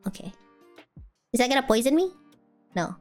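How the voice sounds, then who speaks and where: A woman's voice: sits high, very animated, moderate pace, a little mellow, soft background music. A woman streamer, chatting casually and teasing with lots of laughter.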